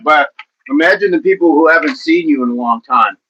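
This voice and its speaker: Bright-voiced man chatting on a livestream. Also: a little high, fairly quick, muffled recording. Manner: talkative, encouraging, addresses viewers by name. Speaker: livestream host reading chat. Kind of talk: casual livestream chat.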